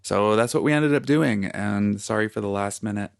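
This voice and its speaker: A man with a very low, gravelly voice co-hosts a relaxed podcast. He talks in a laid-back, joking way and drifts into little tangents. The sound is dry and close, with no room around it. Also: normal speed, no room sound. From United States. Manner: laid-back, jokey, goes off on small tangents. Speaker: podcast co-host. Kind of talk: casual chat. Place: lives in Calgary, Canada.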